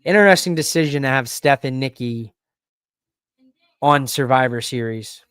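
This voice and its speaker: A man hosting a podcast alone, talking in an excitable, rambling way that swears freely. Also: medium pitch, normal speed, smooth, dry recording, studio quality. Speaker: podcast host. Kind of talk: casual solo wrestling recap.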